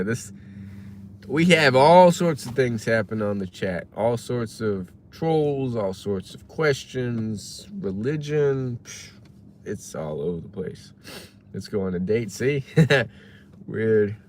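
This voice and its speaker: A man's voice: lowish voice, darkish tone, a little hiss or hum. A man casually chatting on a livestream, musing and reading chat messages aloud from his parked car. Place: parked car while waiting for delivery orders.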